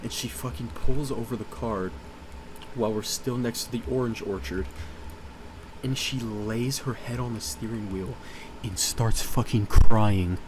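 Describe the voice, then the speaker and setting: A man's voice: mid-range voice, a little slow, background noise. A man telling a story in a casual, rambling, profane way, full of "uh" and "you know".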